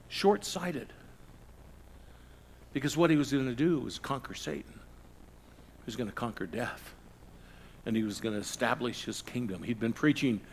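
A middle-aged male pastor preaching a sermon, swinging from loud emphasis to hushed, low passages.

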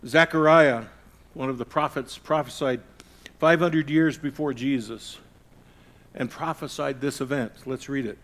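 A middle-aged male pastor preaching a sermon, swinging from loud emphasis to hushed, low passages. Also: a little slow.

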